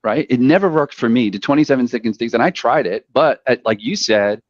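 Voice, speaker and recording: Halting man on a dull dry line. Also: mid-range voice, no room sound. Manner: earnest, halting, repeats words. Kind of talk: casual chat about cold calling.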